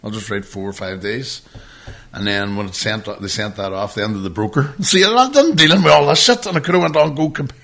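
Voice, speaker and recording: A man's voice: on the high side, fast, creaky, few pauses, a little hiss or hum. Swearing man telling a story. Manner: swearing, laughing, animated anecdote. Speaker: podcast co-host. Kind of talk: casual storytelling chat.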